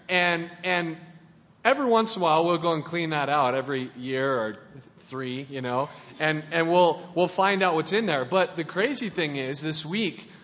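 A high-pitched man preaches in a casual, playful way, circling back and restarting his sentences as he talks. His voice carries a long reverb from a hall, and the recording sounds dull and lo-fi. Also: a bit bright. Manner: playful and conversational, with many restarts. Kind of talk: casual sermon.

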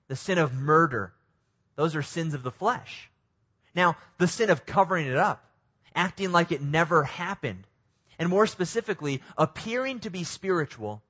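A man preaching a sermon, reading scripture in a calm, measured way and then putting lively questions to his congregation. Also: a little high. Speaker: pastor.

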